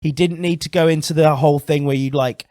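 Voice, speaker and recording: A man's voice: fairly high pitch, steady tone, fairly quick, a little mellow, no echo, studio quality. A man co-hosting a podcast in casual chat, easygoing, joking and swearing casually. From Britain. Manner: easygoing, agrees often, jokes and swears casually. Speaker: podcast co-host.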